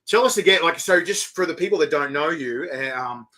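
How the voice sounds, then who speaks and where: Australian male host, excitable, rambling, bright tense tone, video call chat. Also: a little high, fairly quick. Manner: excitable, rambling with many fillers. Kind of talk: casual interview chat.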